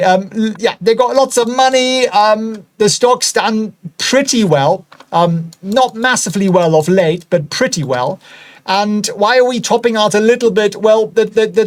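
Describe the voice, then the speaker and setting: A man in his forties talks through stocks in a loose, casual way and keeps slipping in dry, sardonic jokes. His voice sits a little high for a man. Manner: sardonic, joking asides. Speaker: host.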